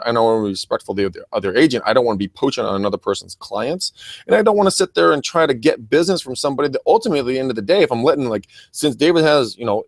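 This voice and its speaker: A man co-hosting a casual podcast as a real estate coach, animated and profane, acting out little scenes as he talks. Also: medium pitch, no echo.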